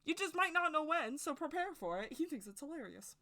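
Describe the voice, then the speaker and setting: A woman's voice: high voice, sing-song, fairly quick, few pauses, sharp tone. A woman giving a casual, rambling opinion monologue to camera as a witchcraft video creator, speaking emphatically and straight to her viewers.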